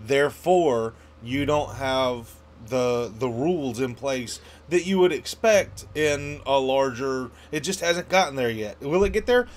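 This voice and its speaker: A man co-hosting a casual gaming podcast, emphatic and animated, asking rhetorical questions. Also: medium pitch, a little slow, hardly any pauses. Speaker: podcast co-host.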